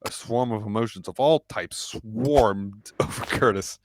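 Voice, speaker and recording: A man with a fairly low voice reads a fan story aloud, restarting lines as he goes and pushing up his pitch for the dialogue. Steady noise and clicks sit behind him. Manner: halting reading with restarts, pushed-up pitch for quoted lines. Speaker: fanfic reader.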